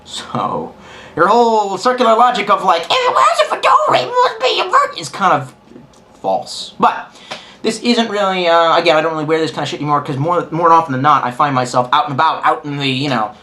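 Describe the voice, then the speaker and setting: Crude, animated young man rambling. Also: fairly high pitch, brisk, slight background noise. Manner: crude, sarcastic, profane, rambling. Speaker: vlogger. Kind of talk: casual rambling monologue.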